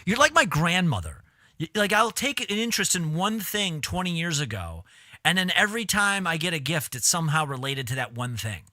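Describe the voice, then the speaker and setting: A man's voice: fairly high pitch, sing-song, brisk, bright, forceful tone, dry recording, clean studio sound. A man hosting a live stream, giving casual, crude, joking commentary with laughing asides.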